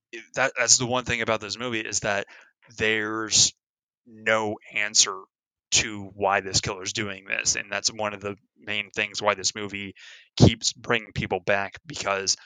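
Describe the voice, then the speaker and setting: A man's voice: lowish voice, steady tone, normal speed, sharp tone, dry recording, poor audio. A man co-hosting a casual movie discussion, rambling with many filler words. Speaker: podcast co-host.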